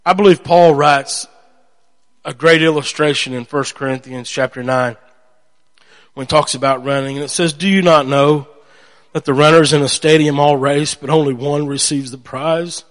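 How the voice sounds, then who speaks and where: A man preaches with lively storytelling energy, acting out voices as he goes. His voice sits a little high for a man. The sound carries a long reverb from a large hall. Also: normal speed. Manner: animated storytelling, acts out voices. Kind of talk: sermon.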